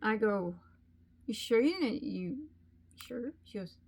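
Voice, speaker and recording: A woman's voice: a little high, animated, slow, creaky, breathy edge. A middle-aged woman chatting casually on her crochet channel, rambling along with frequent ums as she tells a story. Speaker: crochet vlogger.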